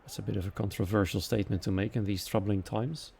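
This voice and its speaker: Gravelly Dutch-accented race commentator. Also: male voice, lowish voice, quick pace. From Netherlands. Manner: quiet and chatty while waiting, lively and louder once the race starts. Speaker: sim racing commentator.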